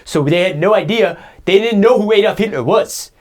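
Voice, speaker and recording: A man's voice: high voice, a little fast, natural voice. A man playing a boastful, self-pitying guy who rambles indignant complaints in an improvised comedy sketch.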